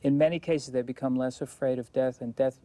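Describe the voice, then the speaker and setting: Interviewee, male; dark mellow timbre, dry close sound, measured and thoughtful. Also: medium pitch, dry recording. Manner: calm, measured reasoning.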